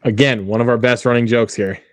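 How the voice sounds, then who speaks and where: A man's voice: mid-range voice, fairly even intonation, a little fast, no echo. A man co-hosting a movie watch-along, chatting casually, joking and laughing often. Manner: jokey, laughs often, repeats running gags.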